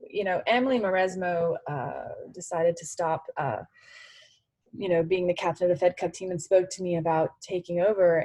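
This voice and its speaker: A woman in her forties talks openly in an interview, her voice pitched low and a little husky. She speaks in a heartfelt way and leans on "you know" again and again. The sound is close and dry. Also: darkish tone, no echo, rough recording. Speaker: interview guest, former tennis player. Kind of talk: candid conversational interview.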